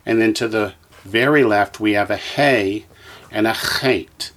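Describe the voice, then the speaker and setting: A man with a somewhat low voice teaches a beginner lesson at a very unhurried pace. He reads from the textbook and names each letter one by one, patient and methodical, leaving room for listeners to repeat after him. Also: a bit bright. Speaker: Hebrew teacher. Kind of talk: slow, careful lesson reading from a textbook.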